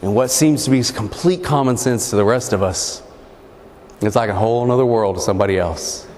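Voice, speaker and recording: A keynote speaker from New Mexico, USA, gives a humorous, folksy speech full of jokes and stories. His voice is lowish and darkish in tone, and he talks a little fast. The recording was made in a large echoey hall with faint background noise.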